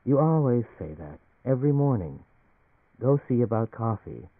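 A man voicing a mocking, sleepy young woman in a story, raising his voice lighter and higher. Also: big pitch swings, moderate pace, no echo. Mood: drowsy. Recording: tinny radio broadcast.

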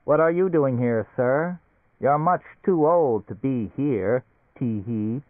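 A man's voice: mid-range voice, takes it slowly, no room sound, pitched above the performer's own voice, natural voice. A man doing a fussy chattering suitcase psychiatrist. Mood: prim. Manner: prim, chattering, giggly. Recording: tinny phone-like recording.

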